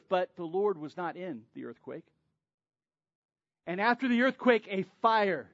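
A man preaching a sermon, dramatic, swinging between loud emphasis and near-whispers. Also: high-pitched, sing-song, a little slow, pauses often, no room sound, dull audio. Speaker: pastor.

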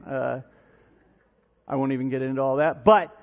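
A man preaching a sermon, swinging between loud, emphatic passages and low, hushed ones. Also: brisk. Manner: animated preaching, rising to near-shouts then dropping low and soft. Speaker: pastor. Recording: dull lo-fi sound in a reverberant hall.

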